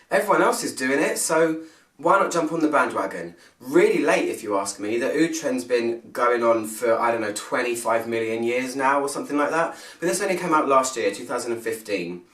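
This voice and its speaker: A man's voice: mid-range voice, expressive, fairly quick, a bit bright, far from the mic. A British man reviewing a fragrance in a casual, self-mocking chat, full of fillers and restarts. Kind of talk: casual talk to camera. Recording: roomy sound, mic set some way off.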